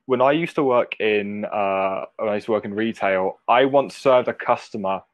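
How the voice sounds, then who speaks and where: A young man in his twenties telling stories in an animated way, full of restarts and laughter. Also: on the low side, no echo. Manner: animated storyteller, halting restarts. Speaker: podcast co-host. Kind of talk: casual chat.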